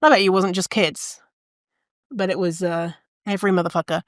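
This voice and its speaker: A woman's voice: fairly low pitch, steady tone, brisk, dry recording, studio quality. A woman hosting a podcast, describing an advert in frank, sarcastic, casual commentary. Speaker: podcast host.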